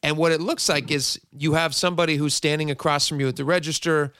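Upbeat male radio host, bright and dry, leading questions. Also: a little high, little pitch movement, quick pace, clear, resonant tone, dry recording. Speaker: radio talk show host. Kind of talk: radio interview.

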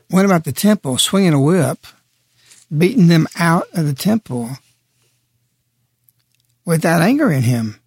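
A man's voice: a little high, creaky, slightly rough, dry recording, clean studio sound. A man speaking on a radio talk show in an impassioned, preaching way, pressing his points hard. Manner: forceful, preaching, emphatic.

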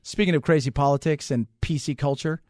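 A man's voice: on the high side, fairly quick, darkish tone, no echo, clean studio sound. A man hosting a radio talk show, fired up and sarcastic as he rants.

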